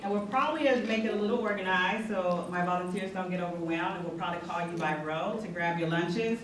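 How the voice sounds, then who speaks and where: A woman's voice: lowish voice, fast. A woman hosts a community forum, affirming and casual with the audience. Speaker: event host. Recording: echoey hall, distant mic, crowd noise.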